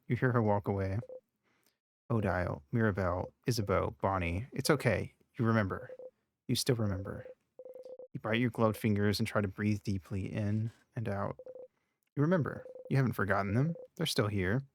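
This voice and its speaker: Low-voiced man reading game text. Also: normal speed, a little hiss or hum. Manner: reads game text aloud between short casual remarks. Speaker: streamer. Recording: game music behind.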